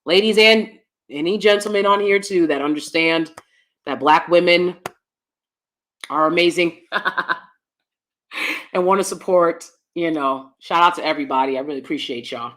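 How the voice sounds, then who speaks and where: A woman, chatting casually and animatedly with her viewers while laughing often, swinging between loud bursts and soft asides. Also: lowish voice, unhurried, pauses often, slight background noise. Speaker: channel host. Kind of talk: casual live-stream chat.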